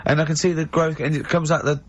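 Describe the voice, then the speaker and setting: A man's voice: on the high side, level tone, fast talker. Brief: male radio host, 40s, giggly, teasing storyteller, dull studio sound. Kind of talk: casual chat, anecdote telling.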